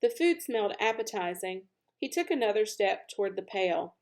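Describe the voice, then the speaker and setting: A woman's voice: medium pitch, normal speed. Woman reading a children's book aloud. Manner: expressive, animated narration, speeds up at lively moments. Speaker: children's story reader. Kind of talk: storybook read-aloud.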